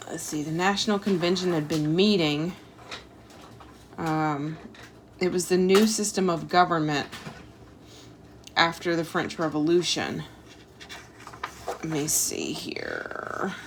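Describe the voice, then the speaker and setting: A woman whose voice is on the low side reads a history book aloud to her child as a homeschool lesson. She chats about it with casual asides and many a "like" and "um," and there's slight background noise.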